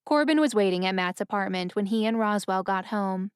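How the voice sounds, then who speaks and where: A woman narrating a romance audiobook in an even, measured storytelling manner. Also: medium pitch, smooth, dry recording, studio quality.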